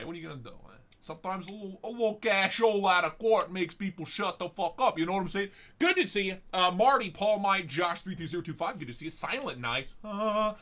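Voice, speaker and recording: Male live-stream host, casual chat, rambling jokey delivery, fairly high voice. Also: pushed and bright. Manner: rambling, joking, profane. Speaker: livestream host.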